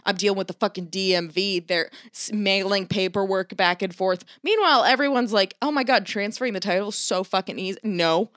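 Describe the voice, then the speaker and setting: A woman in casual chat who tells a story in an animated way, swears constantly and acts out the people she quotes. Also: medium pitch, fairly quick, few pauses, no room sound, studio quality.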